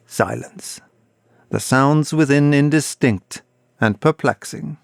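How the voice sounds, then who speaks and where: A man reading a classic novel aloud, unabridged, with slow, expressive storytelling. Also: medium pitch, gravelly, no echo, studio quality. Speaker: audiobook reader.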